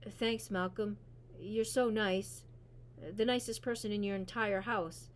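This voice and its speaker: A woman reading aloud, voicing a drunk teenage girl who slurs her words and drags them out slowly. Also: medium pitch, steady tone, a little hiss or hum, natural voice. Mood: tipsy. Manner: slow, slurred and sing-song.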